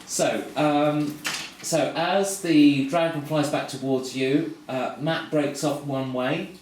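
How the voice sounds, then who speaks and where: A man's voice: on the high side, fairly even intonation, takes it slowly, a little mellow. A man acting as game master for a tabletop game, narrating the action and explaining rules with many fillers. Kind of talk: running a tabletop game live. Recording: echoey room, far from the mic, noisy.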